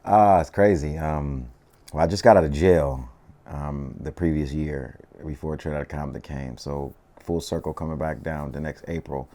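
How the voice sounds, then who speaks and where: A man's voice: very deep voice, steady tone, normal speed, mellow. A man, a rapper telling stories in a casual interview, slangy and laid-back, often saying "you know what I mean".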